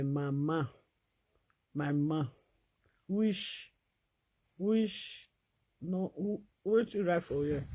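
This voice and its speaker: A woman with a Nigerian Pidgin accent, talking in an animated, laughing vlog commentary. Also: fairly low pitch. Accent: Nigerian Pidgin English. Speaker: vlogger.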